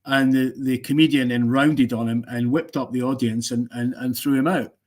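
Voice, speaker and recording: A man's voice: medium pitch, steady tone, normal speed, darkish tone. A man hosting a casual live stream, giving strong opinions in a rambling way and joking with viewers.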